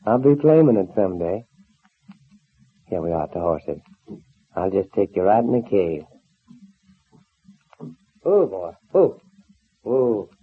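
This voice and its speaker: Casting: a teasing young cowboy, husky low voice, old tinny radio serial. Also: male voice, very animated, slow pace, pauses often, full character voice. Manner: folksy cowboy talk. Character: easygoing young male cowboy hero, teasing. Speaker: radio drama actor. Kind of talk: 1930s radio serial acting. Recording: old narrow-band radio transfer.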